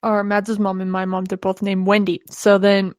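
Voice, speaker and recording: A woman's voice: mid-range voice, completely flat delivery, normal speed, a little mellow, no echo. Woman podcast co-host, laughs a lot, says dude, mid-range voice, close and dry. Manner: laughs often, swears casually, calls people dude. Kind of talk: casual chat.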